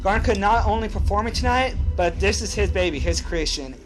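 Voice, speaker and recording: A man interviews performers at a club event in a casual, joking way. His voice sits fairly high. Clear music plays behind him. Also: animated, brisk.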